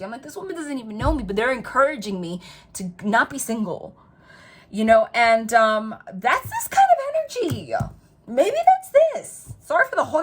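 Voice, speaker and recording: A woman reading tarot in a casual vlog, chatty and rambling, telling animated stories full of quoted dialogue. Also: fairly high pitch, breathy edge. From New Jersey. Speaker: tarot reader.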